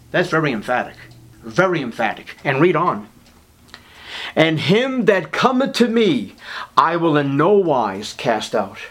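Male preacher, higher pitch, dramatic swings between hush and proclamation. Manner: swings from low murmurs to high, loud emphatic declarations; drawn-out words for emphasis. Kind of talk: evangelical sermon.

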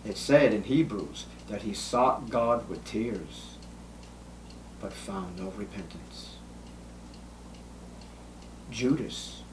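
A man preaching a sermon, acting out Bible scenes with sudden jumps in pitch and volume. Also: noisy background. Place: church.

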